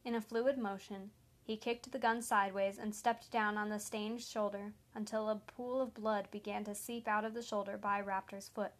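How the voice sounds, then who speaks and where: A woman narrating a story in a steady, even manner. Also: mid-range voice, moderate pace.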